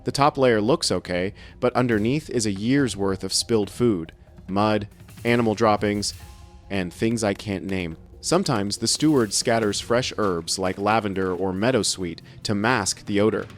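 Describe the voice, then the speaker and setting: Wry low-voiced male narrator. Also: moderate pace, soft background music. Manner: wry, sardonic humor. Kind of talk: scripted first-person narration.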